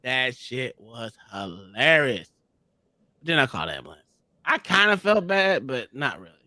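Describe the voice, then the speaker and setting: Podcast host, male, crude storyteller, lively bright voice, laughs often. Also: mid-range voice, moderate pace, dry recording. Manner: loud, profane, laughing through stories.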